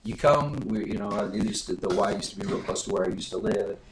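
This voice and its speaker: A middle-aged man, a vocal coach guest, telling stories in a lively way and jumping up in pitch when he quotes people. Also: quick pace, gravelly, a little hiss or hum. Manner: animated storyteller, jumps up in pitch when quoting people. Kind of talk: live-stream interview storytelling. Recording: roomy echo.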